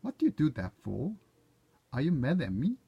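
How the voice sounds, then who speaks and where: Reading practice phrases aloud, a man whose native language is Korean goes through brief everyday English dialogue lines one by one to check them, occasionally fixing his own errors. He has a medium-pitched, husky voice with vocal fry and huge swings in pitch, speaks at a moderate pace, and the recording is muffled.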